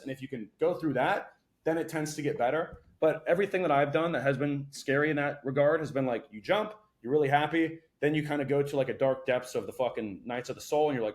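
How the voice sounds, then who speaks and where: A young man speaks as a podcast guest in a casual, loose chat. His words come rapid-fire, full of swearing and lively storytelling, and his voice sits a touch high for a man. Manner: fast, profane, animated storytelling.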